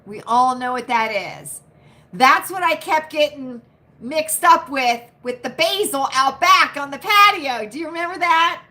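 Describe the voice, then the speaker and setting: Chatty bright-voiced woman livestream host. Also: high voice, animated, measured pace. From United States. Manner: chatty, repeats herself, frequent "right?" tags, laughs often. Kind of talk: casual live chat with viewers.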